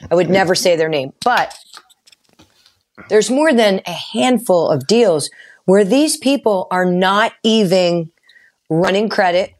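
A woman's voice: mid-range voice, lively intonation, unhurried. A woman co-hosting a talk radio show as mortgage expert, chatty and earnest.

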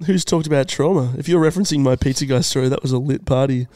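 A man's voice: medium pitch, fast, dark tone, dry recording, studio quality. A man co-hosting a comedy podcast, playful, tossing out silly questions and laughing often. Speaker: podcast co-host. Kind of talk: casual podcast chat.

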